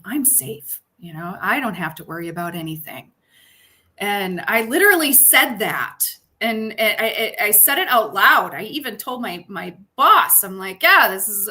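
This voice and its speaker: A woman's voice: mid-range voice, pushed and bright. A woman co-hosting a livestream in casual chat, telling a rambling story full of fillers. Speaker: livestream co-host.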